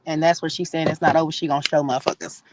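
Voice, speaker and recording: A woman's voice: low-pitched, fairly even intonation, rapid-fire, background noise. A woman joining a live stream as a guest, explaining things in a matter-of-fact way. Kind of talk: casual live-stream chat.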